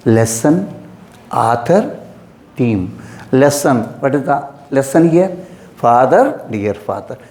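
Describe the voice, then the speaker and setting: A man's voice: medium pitch, sing-song, slow pace, long pauses, darkish tone, roomy sound. A man teaching an English exam lesson who repeats his instructions and calls his students "my dear".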